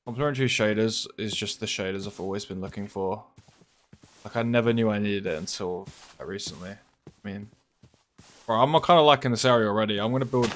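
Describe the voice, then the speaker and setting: A man's voice: on the low side, slight background noise. Laid-back young English man streaming. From England. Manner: laid-back, chatty, swears casually, reads chat aloud. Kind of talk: casual live-stream chat while gaming.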